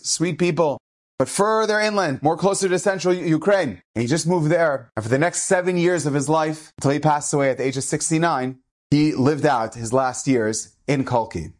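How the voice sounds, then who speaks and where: A man telling a family story as an inspirational talk, animated and emphatic, acting out the people in it. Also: on the high side. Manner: animated, acts out the people in his stories; emphatic, punches key phrases. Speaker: inspirational speaker.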